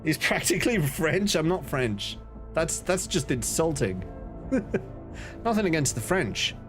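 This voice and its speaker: A man from the north of England talks loosely to his stream chat, his pitch bouncing around a lot. He laughs easily and reacts to messages as they come in. Soft music plays quietly underneath. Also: sing-song, slow. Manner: chatty, laughs often, reads chat aloud. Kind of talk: casual live-stream chat.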